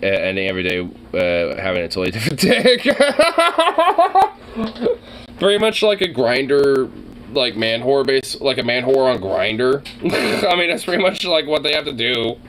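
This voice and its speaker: A man's voice: mid-range voice, huge pitch swings, measured pace, fairly bright tone, a little hiss or hum. Man rambling through a crude reaction. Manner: rambling, crude, laughs often. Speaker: streamer reacting to videos. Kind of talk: casual reaction commentary.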